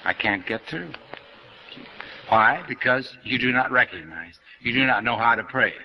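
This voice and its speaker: An archival recording with dull audio captures a man delivering a New Thought spiritual lecture in a folksy, conversational manner, quoting scripture along the way. His mid-range voice is animated and unhurried, with a breathy edge.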